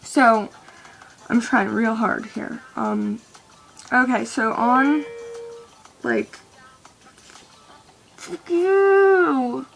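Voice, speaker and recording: A young woman vents in a loose, rambling way, swearing freely and restarting her sentences. Her voice sits somewhat high but has a gravelly, creaky edge. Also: very slow, long pauses, fairly bright tone, faint music behind. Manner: rambling and profane, with many restarts. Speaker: vlogger. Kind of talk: casual venting monologue.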